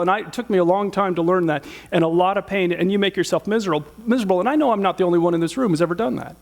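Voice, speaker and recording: A man's voice: high voice, rapid-fire, few pauses. A man in his fifties, a pastor, preaching a sermon to a congregation, telling a personal story and asking the room rhetorical questions. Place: church hall with audience.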